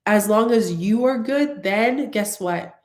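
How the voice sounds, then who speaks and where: Speaking slowly in a darkish, mid-range voice, a woman spiritual coach addresses her viewers casually but earnestly. She repeats points for emphasis, and the recording has an echoey room sound.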